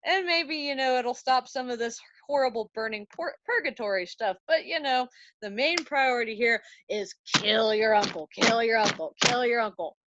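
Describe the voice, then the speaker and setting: A woman's voice: on the high side, noisy background, close to an everyday voice. A woman voicing a vengeful king's ghost. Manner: casual modern slang, slow dramatic emphasis. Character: ghost of a dead king, vengeful, grumbling. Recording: dry, dull lo-fi sound.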